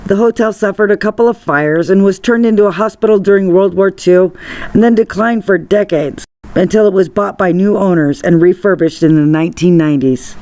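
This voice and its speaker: A man's voice: high voice, a little fast, dry recording. A man narrating a travel vlog in a scripted, informative voice-over. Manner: informative, even storytelling.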